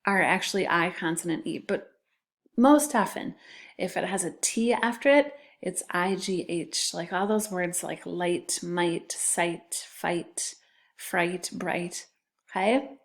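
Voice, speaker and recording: A woman's voice: fairly low pitch, slow. A woman teacher giving a recorded spelling lesson to children, patiently sounding out letters and syllables.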